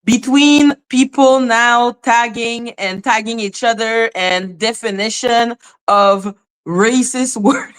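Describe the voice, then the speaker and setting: A woman's voice: on the high side, takes it slowly, smooth. A woman hosting a casual livestream, chatting loosely, exclaiming and greeting viewers by name. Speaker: livestream commentary host.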